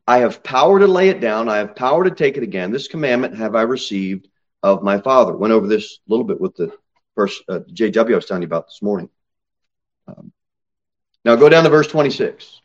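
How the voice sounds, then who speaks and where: A male pastor preaching a sermon from the pulpit, reading scripture and pressing his points with slow, emphatic stresses and sudden raised peaks. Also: on the low side, lively intonation, dull audio. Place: church sanctuary, at the pulpit.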